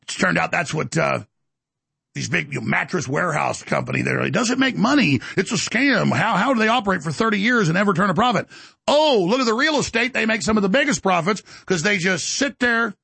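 Male talk host, middle-aged, husky and fried, heated emphatic monologue. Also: expressive, fairly quick, pushed and bright, no echo. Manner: heated, emphatic, acts out quotes in higher voice. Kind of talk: ranting monologue.

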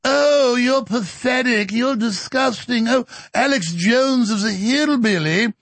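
A man putting on a shrill, whiny, scornful voice to mock a male cleric. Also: slow, a bit bright, no room sound, heavily acted. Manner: shrill, exaggerated, scornful mimicry.

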